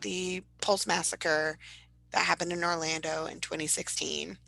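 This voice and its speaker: A young woman co-hosting a podcast in casual chat, telling stories with animated bursts of high-pitched impressions. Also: unhurried, creaky, poor audio. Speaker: podcast co-host.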